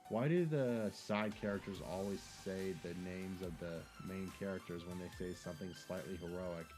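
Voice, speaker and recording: A man's voice: low voice, normal speed, darkish tone. A man reading game dialogue aloud and tagging each speaker with "says", with joking asides between the lines, over game music. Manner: reads every line with "says", adds joking asides. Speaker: gaming YouTuber.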